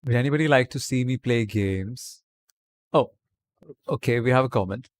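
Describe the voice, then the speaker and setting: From his home webcam, an Indian man holds a casual livestream chat, replying to viewer comments in English with a fake British accent. He has a mid-range voice, keeps a moderate pace, and pauses often.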